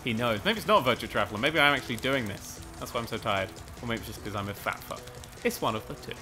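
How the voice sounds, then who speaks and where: A man commentating a video game race, excitable and sweary, rambling and mocking himself, a little out of breath. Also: mid-range voice, fast, faint music behind. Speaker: gaming commentator. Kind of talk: let's play commentary.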